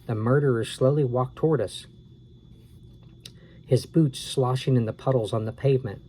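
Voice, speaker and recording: A man reading a scary children's storybook aloud at a steady, unhurried pace. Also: medium pitch, slight background noise, rough recording.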